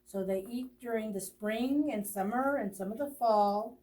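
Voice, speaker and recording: A woman librarian reading a picture book aloud to children, with expressive pauses, gasps and friendly asides to her young listeners. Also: a little high, far from the mic. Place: library storytime video.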